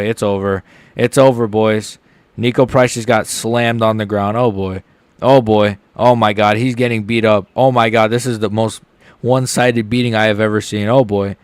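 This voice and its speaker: A young man streaming a live reaction to fights, chatting casually and getting loud and excited when something big happens. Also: clean tone, no echo. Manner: casual, excitable, shouts with rising pitch at big moments.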